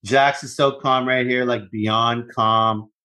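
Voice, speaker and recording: A middle-aged man co-hosting a podcast, bantering in animated, profane casual chat. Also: medium pitch, slow. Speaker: podcast co-host.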